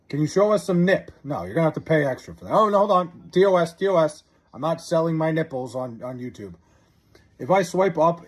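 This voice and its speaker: Guy streaming from home, slightly high voice, husky, swears a lot, bounces all over in pitch. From New York area. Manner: loose and profane, drawls joke names slowly. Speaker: livestreamer. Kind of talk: casual live stream chat, reading viewer comments. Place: his house.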